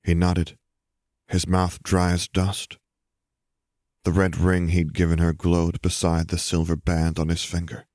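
A man narrating fan fiction as an audiobook in a steady, measured storytelling manner. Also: low voice, no echo, clean studio sound.

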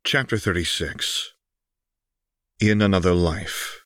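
A man narrating an audiobook in a calm, measured way. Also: low voice, dry recording, studio quality.

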